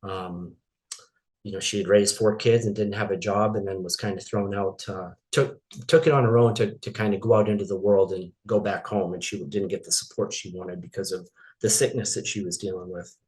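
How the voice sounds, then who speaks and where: A middle-aged man from Maine telling a painful personal story as an interview guest, halting and emotional, with many restarts. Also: low voice, steady tone, a little mellow.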